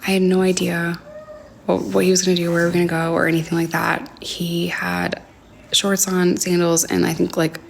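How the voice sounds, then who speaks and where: A young woman telling a personal story on a livestream from home, talking in a halting, hesitant way with many fillers and sometimes dropping to a near whisper. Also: on the low side, little pitch movement, creaky, a little hiss or hum. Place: home, indoors. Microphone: phone livestream.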